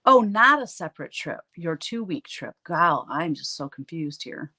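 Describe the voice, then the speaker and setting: A woman with a low, deep speaking voice chats casually with her live viewers while she paints. She tells stories in a loose, chatty way and laughs often. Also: big pitch swings, normal speed, bright, forceful tone. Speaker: artist hosting a live stream. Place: home art studio, standing at work.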